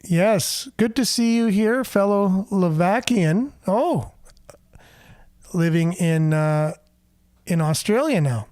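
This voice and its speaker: A man's voice: high voice, lively intonation, takes it slowly, a little mellow, dry recording, studio quality. A man hosting a radio morning show in a casual chatty way, greeting listeners and reading their comments aloud. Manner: chatty, upbeat, rambling. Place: radio studio.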